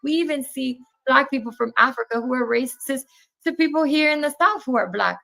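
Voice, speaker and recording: A woman's voice: high-pitched, brisk, gravelly. Young woman telling an indignant story. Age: 20s. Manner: animated retelling, acting out each exchange; earnest and indignant. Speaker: guest. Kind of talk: personal story in conversation.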